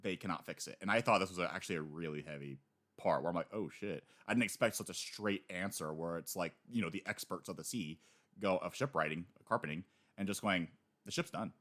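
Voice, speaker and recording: Low-voiced animated man chatting. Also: a little fast. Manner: animated, laughs often, slips into voices when retelling scenes. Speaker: podcast co-host discussing a manga. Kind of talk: casual chat.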